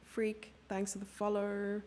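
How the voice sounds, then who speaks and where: A woman's voice: medium pitch, completely flat delivery, unhurried, darkish tone, a little hiss or hum. A woman streamer giving chatty live chess commentary, thinking aloud and sometimes dropping into a whisper.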